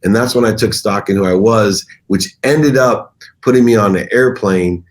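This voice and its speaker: Emphatic low-voiced middle-aged man. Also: moderate pace. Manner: emphatic, animated storytelling. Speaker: guest. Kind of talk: storytelling in conversation.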